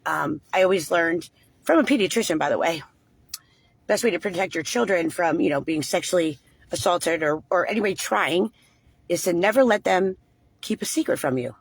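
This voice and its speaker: A woman's voice: fairly low pitch, normal speed, creaky, slightly rough, no echo. A woman talking unscripted on a livestream, rambling and agitated, with frequent swearing. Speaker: livestream host.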